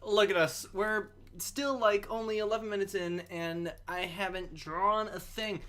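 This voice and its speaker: A woman's voice: mid-range voice, steady tone, a little slow, hardly any pauses, fairly bright tone. A young woman hosting a casual livestream, chatting playfully while she draws. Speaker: livestream host. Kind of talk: casual chat while drawing.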